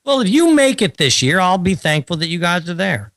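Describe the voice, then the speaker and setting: A man with a high, brisk voice and no echo co-hosts a casual podcast. He tells stories in an animated way, teasing wryly as he goes.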